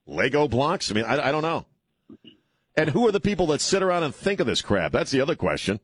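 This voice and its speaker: A man's voice: on the high side, big pitch swings, fast, husky, dry recording. A man hosting a call-in radio show from a studio, blunt and joking, laughing often. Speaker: radio talk show host. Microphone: studio mic.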